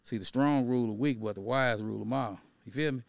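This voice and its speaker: A man's voice: mid-range voice, fast, creaky, dry recording. A middle-aged man, a guest and activist, telling a personal story in a conversational way, often tagging his sentences with "right?" and building to an emphatic, preaching tone. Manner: conversational, tags lines with "right?" and "you know". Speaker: podcast guest, activist and educator.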